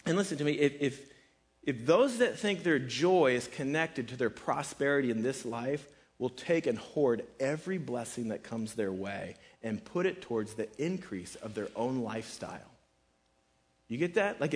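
Man preaching an emphatic, conversational sermon. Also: fairly high pitch. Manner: emphatic, repeats points for emphasis; conversational, many fillers like "like" and "kinda". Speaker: pastor.

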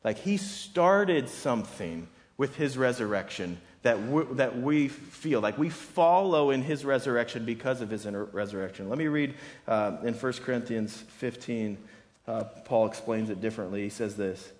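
A man's voice: mid-range voice, moderate pace. A man preaching a sermon as a pastor, speaking in a conversational, emphatic way that often repeats words and restarts phrases. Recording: long reverb of a hall.

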